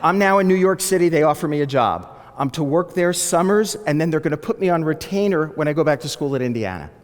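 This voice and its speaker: Animated male storyteller in a reverberant hall. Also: fairly high pitch, fast talker. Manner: animated, acts out the people he quotes. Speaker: speaker telling his life story. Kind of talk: storytelling talk.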